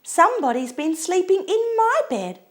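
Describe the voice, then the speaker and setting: A woman voicing a gentle mama bear in a storybook, with a sweet tone. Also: very high-pitched, very animated, moderate pace, voice pushed up. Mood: exclaiming.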